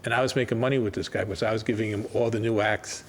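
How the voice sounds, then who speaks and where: Older guy telling stories, does all the voices in the dialogue, faint rumble under it. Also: racing. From New York. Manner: animated anecdotes, acts out quoted dialogue. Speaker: record label founder, guest. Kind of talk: storytelling in a casual interview.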